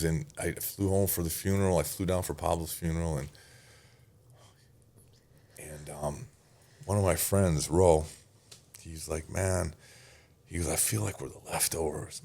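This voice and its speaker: Deep-voiced man telling a grief story. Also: fairly even intonation, slow pace, pauses often, darkish tone. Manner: emotional, earnest, swearing at times, drops to near-whisper in sad moments. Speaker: podcast guest. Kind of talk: personal storytelling in a podcast.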